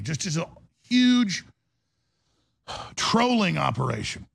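A male talk radio host with a gravelly, raspy voice, rambling in an impassioned studio monologue with restarts and rising outbursts. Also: a little high, big pitch swings, takes it slowly, fairly bright tone, dry recording. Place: broadcast studio.

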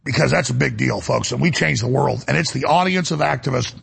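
A fifty-year-old man hosting a talk radio show, delivering a fervent, preachy monologue that swings from loud to hushed. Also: mid-range voice, a little fast, gravelly, breathy edge.

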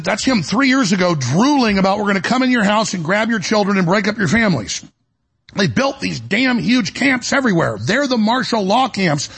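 A man hosting a talk show, delivering an urgent, fiery monologue in a raspy, gravelly voice that climbs toward a yell. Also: sits high. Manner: urgent, rising to near-yelling. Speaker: show host.

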